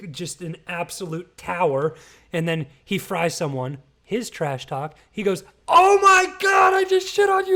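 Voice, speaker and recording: Emphatic man lecturing on a podcast. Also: fairly high pitch. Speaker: podcast host. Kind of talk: casual commentary rant.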